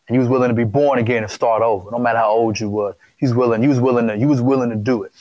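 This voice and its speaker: A man's voice: mid-range voice, fairly even intonation, rapid-fire, hardly any pauses, darkish tone, poor audio. A man preaching a sermon who cuts in on the scripture reading with questions and repeats his phrases in a loose, informal way.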